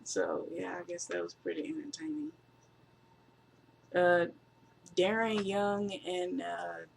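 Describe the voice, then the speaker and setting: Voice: medium pitch, vocal fry, a little hiss or hum. A reviewer giving a casual, rambling spoken recap of a wrestling show, offhand and full of fillers.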